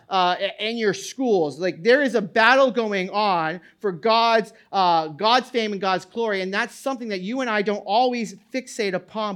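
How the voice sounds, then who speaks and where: A middle-aged male pastor preaches an animated sermon, repeating words and restarting, and his voice booms when he reads scripture aloud.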